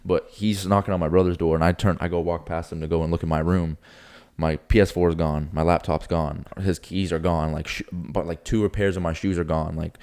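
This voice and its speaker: A young man, a podcast co-host, telling a story in casual chat, animated and swearing, acting out quotes. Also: low-pitched, a little fast, hardly any pauses. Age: young adult.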